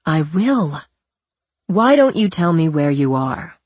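A woman's voice: sits low, big pitch swings, slow pace, a little mellow, breathy edge, no echo, heavily acted. A woman voicing an eager woman reporter who speaks in a coaxing, reassuring way.

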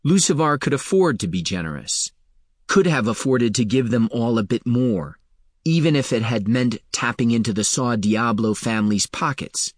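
An audiobook narrator reads scripted narration from a fantasy novel in a steady, even storytelling voice. His voice is mid-range at a moderate pace, captured in a clean studio with no room sound.

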